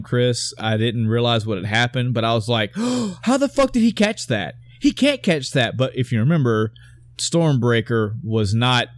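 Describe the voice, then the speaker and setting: A man in a casual podcast chat recapping a movie scene, excited and profane, acting out his own reactions as he tells it. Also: mid-range voice, no room sound. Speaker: podcast co-host.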